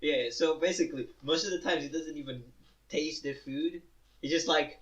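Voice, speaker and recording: A man's voice: on the high side, moderate pace, a bit bright, slight background noise. A young man co-hosting a podcast in casual chat, easygoing, mostly giving short agreeing replies, who swears freely. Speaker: podcast co-host. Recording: slightly dull lo-fi mic.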